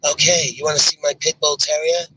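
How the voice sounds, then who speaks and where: Man doing a drawly pushy gas station guy, bright husky voice, slow. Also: on the high side, level tone, low-quality recording. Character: pushy male garage attendant peddling hash.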